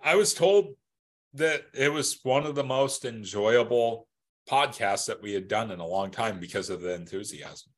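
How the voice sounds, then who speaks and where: A man's voice: on the low side, moderate pace. A man co-hosting a podcast in loose, profane casual chat, laughing often and stumbling over restarts. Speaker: podcast co-host.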